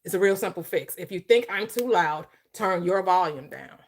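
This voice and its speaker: A woman's voice: on the low side, animated, moderate pace. A woman hosting a live stream, arguing passionately, and her voice rises as she talks. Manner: passionate, loud, rising voice. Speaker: host. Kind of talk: heated live-stream debate.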